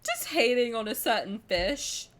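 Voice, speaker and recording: A woman streaming a game, reacting and reading aloud in a playful, sarcastic way, swearing and bursting into shouts. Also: on the high side, sing-song, unhurried.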